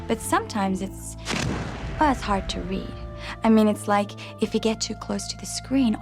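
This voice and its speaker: Fame-hungry young woman, breezy and sure of herself, bit of fry, film clip with music. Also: mid-range voice. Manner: breezy confident narration. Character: self-absorbed young woman craving TV fame. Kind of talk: film dialogue.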